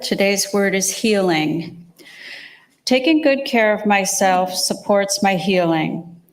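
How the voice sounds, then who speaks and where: A woman reading a daily devotional and a psalm aloud to a church congregation in a steady, measured way. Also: medium pitch. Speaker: service reader. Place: church service.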